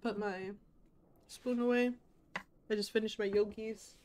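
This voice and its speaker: A woman's voice: medium pitch, fairly even intonation, measured pace, a little mellow, slight background noise. A woman chatting playfully through a video game playthrough, talking to her viewers as she plays. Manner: chatty, playful, talks to chat while playing. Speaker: gaming streamer. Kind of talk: casual let's-play commentary.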